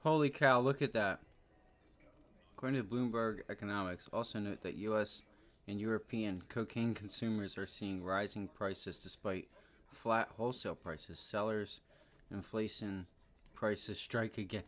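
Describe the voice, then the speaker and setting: A man's voice: lowish voice, fairly even intonation, measured pace, fairly bright tone. A man hosting a live day-trading stream, chatting casually and joking between exclamations. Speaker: day trading livestream host. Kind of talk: casual live market commentary.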